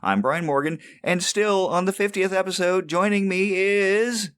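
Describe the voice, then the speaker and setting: A man's voice: high-pitched, measured pace, fairly bright tone, smooth, no room sound, studio quality. A man hosting a movie podcast, chatting casually and laughing easily with his co-host. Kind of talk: casual chat.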